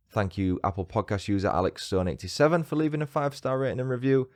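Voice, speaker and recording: Cheeky northern English podcast host. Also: male voice, mid-range voice, fairly even intonation, fast talker, hardly any pauses, darkish tone, no echo, studio quality. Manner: cheeky, banter-loving, self-mocking. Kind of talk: scripted true-crime podcast narration.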